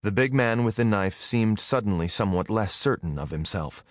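A man narrating a fantasy audiobook in an expressive storytelling manner on a close studio mic. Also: lowish voice, moderate pace, no echo. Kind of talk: scripted narration.

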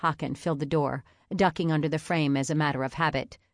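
A woman with a low voice reads a novel aloud in a measured, even manner. Her voice is close and dry, with no room sound at all. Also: no echo. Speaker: audiobook narrator. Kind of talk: scripted narration.

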